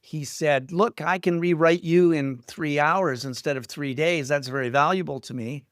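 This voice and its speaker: A middle-aged man from Canada telling stories as an interview guest, self-deprecating and lively when quoting others. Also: a little high, moderate pace, dry recording, clean studio sound. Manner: self-deprecating, animated retelling of quotes. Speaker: guest screenwriter. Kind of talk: casual interview storytelling.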